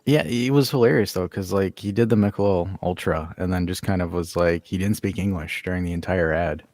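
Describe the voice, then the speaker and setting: A man's voice: low-pitched, fairly quick, a little mellow, dry recording. A man co-hosting a casual call-in sports podcast, laughing often and acting out bits of stories. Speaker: podcast co-host. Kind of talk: casual call-in show chat.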